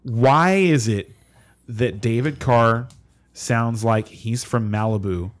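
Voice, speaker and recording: A man's voice: mid-range voice, takes it slowly. A man co-hosting a casual sports podcast, from California, rambling and laughing often. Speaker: podcast co-host.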